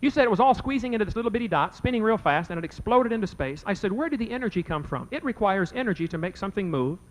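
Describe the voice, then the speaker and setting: A man's voice: sits high, lively intonation, very fast, a little hiss or hum, rough recording. A man debating before a live audience, telling a folksy story and acting out both sides of a conversation. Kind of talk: anecdote told to a live audience.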